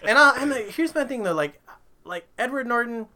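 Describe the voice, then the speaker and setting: A man co-hosting a podcast in casual chat, animated and ranting with constant swearing. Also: extremely high pitch, brisk. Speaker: podcast co-host.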